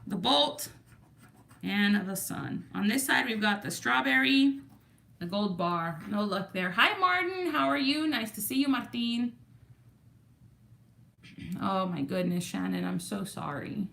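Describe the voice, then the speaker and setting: Chatty Texan woman with a gravelly voice. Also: mid-range voice, expressive, unhurried, long pauses, fairly bright tone. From Texas. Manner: chatty, greets viewers and reads chat aloud. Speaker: livestream host. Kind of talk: casual livestream chat.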